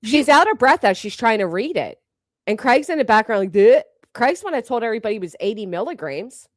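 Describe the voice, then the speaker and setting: A woman's voice: on the high side, big pitch swings, quick pace, no room sound, clean studio sound. A woman doing live-stream reaction commentary, blunt and mocking, swearing freely as she talks over clips.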